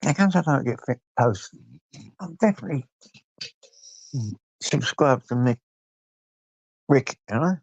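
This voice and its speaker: Gravelly older English man on a late-night stream. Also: mid-range voice, unhurried, long pauses, dry recording. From England. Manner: rambling, greets viewers by name, swears freely. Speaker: livestream host. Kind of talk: late-night livestream chat. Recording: dull lo-fi stream audio.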